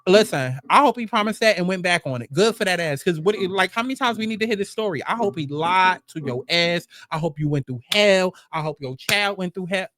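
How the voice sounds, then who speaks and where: Male commentary host, higher voice, exasperated and sarcastic, swears freely, repeats lines for emphasis. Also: animated, fairly quick, few pauses, fairly bright tone. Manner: blunt, profane, repeats phrases for emphasis; exasperated, sarcastic rhetorical questions. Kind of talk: storytime commentary rant.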